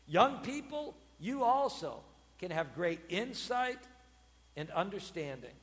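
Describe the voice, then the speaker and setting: A man, a pastor, preaching a sermon with expressive delivery, acting out quoted voices with sudden loud bursts. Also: high-pitched, big-room sound.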